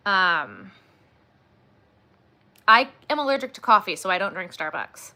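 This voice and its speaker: A woman's voice: medium pitch, very animated, unhurried, sharp tone. A woman hosting a crochet livestream, chatting casually and rambling, with frequent "like" and "um" and gushing asides.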